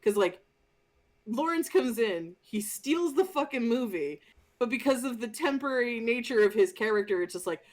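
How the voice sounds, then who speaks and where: A woman co-hosting a casual movie review podcast, telling the story in an animated, exasperated and profane way. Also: fairly high pitch, normal speed. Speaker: podcast co-host.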